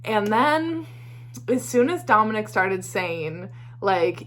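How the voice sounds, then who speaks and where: A woman's voice: medium pitch, takes it slowly, a bit bright, slight background noise. A young woman chatting casually in a reading vlog, emotional and rambling, swearing and laughing between thoughts. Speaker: book vlogger.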